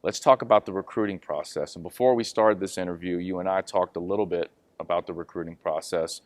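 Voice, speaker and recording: A man's voice: sits low, brisk, no room sound. A man hosting an interview, asking encouraging, conversational questions about a young athlete's path. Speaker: interview host.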